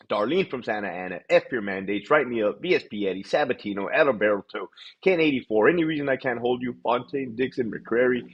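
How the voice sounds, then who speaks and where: Husky, profane man hosting a livestream. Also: medium pitch, dull audio. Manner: profane, blunt, reads shout-outs in a rapid list. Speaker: livestream host. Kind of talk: casual livestream chat.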